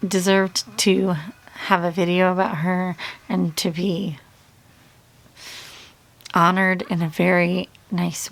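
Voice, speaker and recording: A woman in her forties chatting casually as a beauty vlogger, rambling, trailing off and restarting her sentences. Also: medium pitch. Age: 40s. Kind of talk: casual makeup tutorial chat.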